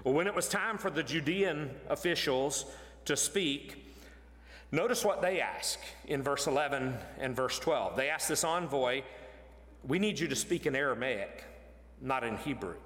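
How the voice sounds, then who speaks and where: A man preaching an expository sermon, animated and emphatic, pushing his voice up to stress points. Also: medium pitch, measured pace. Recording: long hall reverb.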